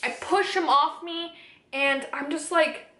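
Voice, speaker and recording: A woman's voice: high voice, steady tone, unhurried, bright, forceful tone. A young woman vlogger telling a personal story to camera, candid and emotional, swearing freely. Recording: roomy echoey room.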